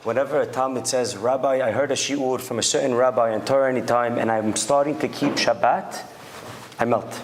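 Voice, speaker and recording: A male rabbi guest answering in a soft, heartfelt way. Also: medium pitch, steady tone, a little fast, slight background noise. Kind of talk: interview answer.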